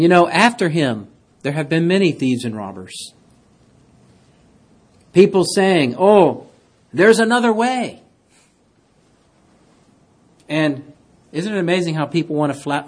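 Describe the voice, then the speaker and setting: A man preaching a sermon, reading scripture aloud and swinging between loud, emphatic declarations and quiet, hushed asides. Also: fairly high pitch, lively intonation, normal speed, slightly rough. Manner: reads scripture in King James wording.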